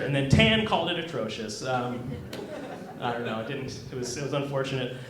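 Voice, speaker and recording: A man's voice: medium pitch, moderate pace, a little hiss or hum. Awkward young man doing stand-up. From Kansas. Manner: awkward, self-deprecating, hesitant with many ums. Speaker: stand-up comedian. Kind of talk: stand-up set. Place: comedy club stage. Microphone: handheld stage mic. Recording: roomy club recording. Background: audience laughter.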